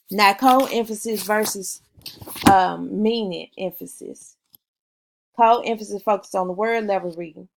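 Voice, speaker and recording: A woman giving a recorded class presentation, reading from notes with pauses, fillers and self-corrections. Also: mid-range voice, slight background noise, rough recording.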